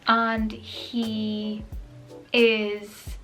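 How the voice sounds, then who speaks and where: A woman's voice: medium pitch, completely flat delivery, extremely slow, a bit bright, soft background music. A young woman, heavily pregnant and a little breathless, chatting casually and emphatically to camera as a vlogger.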